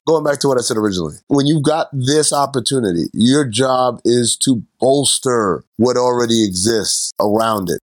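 A man's voice: mid-range voice, no room sound. Man, podcast co-host, rambling thinker, dry studio mic. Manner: discursive, thinking aloud. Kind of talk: casual podcast chat.

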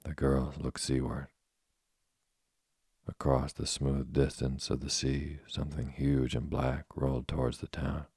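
A man narrating a storybook in a steady, measured reading. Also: extremely low pitch, gravelly, husky, no echo, studio quality. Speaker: audiobook narrator.

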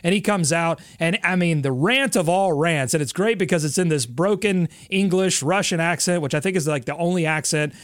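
Animated, fairly high-voiced male podcast host. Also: normal speed, hardly any pauses, no echo, clean studio sound. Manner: animated, laughs often, builds stories. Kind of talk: casual sports podcast chat.

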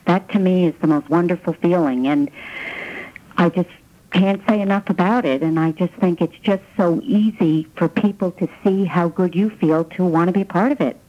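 An eager woman from New Jersey tells her story on a call-in show, chatty and full of restarts. Her voice sits somewhat low for a woman. The sound is dull and lo-fi, like an old radio broadcast. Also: moderate pace. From New Jersey, USA. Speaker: caller giving a testimonial. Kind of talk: casual testimonial on a call-in program.

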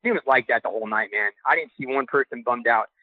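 A young man tells a story fast and eagerly, full of casual slang. He is calling in, so his voice comes through a tinny phone line. The sound is dry and close. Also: medium pitch, no room sound. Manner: excited, quick, loose slang. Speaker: podcast caller sharing a story. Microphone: phone call.

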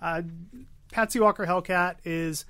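A man co-hosting a podcast, giving quick, joking, enthusiastic comic recaps into a close mic. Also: high-pitched, steady tone, bright, forceful tone, smooth, dry recording. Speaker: podcast co-host. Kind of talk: casual chat about comics.

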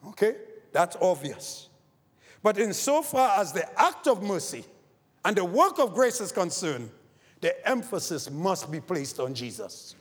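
A man's voice: sing-song, a little slow, slightly rough. Man preaching in a reverberant hall. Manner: preaching with sweeping rises and falls in pitch and loudness. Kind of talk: sermon.

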